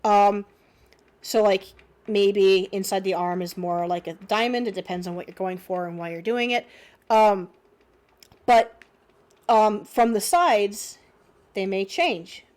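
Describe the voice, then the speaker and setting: A woman's voice: medium pitch, takes it slowly, pauses often, a little mellow. Young woman teaching drawing, thinking aloud. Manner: many fillers, thinks aloud while drawing. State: sniffly cold. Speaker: art teacher. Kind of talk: unscripted live drawing lesson.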